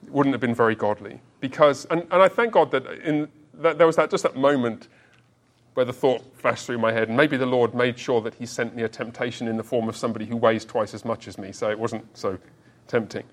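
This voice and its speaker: A man in his forties preaching a sermon as pastor, telling a story with self-deprecating humor and often restarting his words. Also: mid-range voice. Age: 40s. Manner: halting restarts, repeats words.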